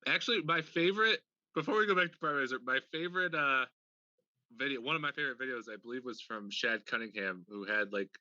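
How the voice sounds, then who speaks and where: Teasing, laughing podcast host. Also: male voice, medium pitch, fast talker, sharp tone, no echo, highs cut off. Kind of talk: casual chat. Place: home room, remote video call.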